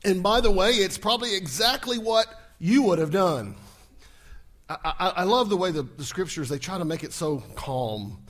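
A man's voice: sits high, expressive, normal speed. A male pastor preaching a sermon, telling the story vividly, acting out scenes and checking in with the congregation through rhetorical questions. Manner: acts out scenes, shouting at peaks.

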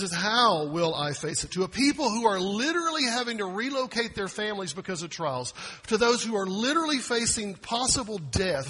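A pastor preaching a sermon, a man with a fairly high, forceful and slightly husky voice. He leans on rhetorical questions and swings between loud bursts and hushed lines. His voice rings out with a long reverb, as in a large hall.

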